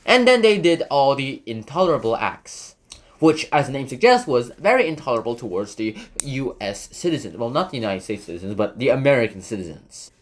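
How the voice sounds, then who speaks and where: A man talks through a history lesson in a loose, conversational way, with a voice that rises and falls a lot. He keeps stopping to correct himself and toss in quick asides, at a middling pitch. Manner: chatty, self-correcting, lots of fillers and asides; lively, swooping pitch. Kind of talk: casual history explainer.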